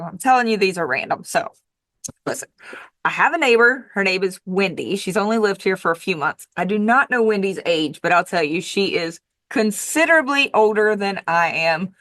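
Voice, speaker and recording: A woman's voice: mid-range voice, a bit bright, no room sound, studio quality. A woman diet coach giving a casual motivational monologue, emphatic and repetitive, with the occasional swear word.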